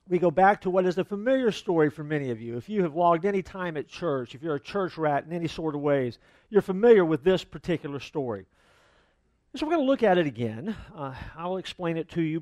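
A man preaching a sermon as the pastor of a church, in a relaxed, conversational manner with fillers and asides. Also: fairly high pitch, dry recording.

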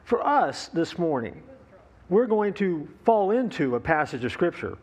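A man preaching a sermon as pastor, telling a story in a folksy, relaxed way with fillers and asides to the congregation. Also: fairly high pitch, measured pace, breathy edge.

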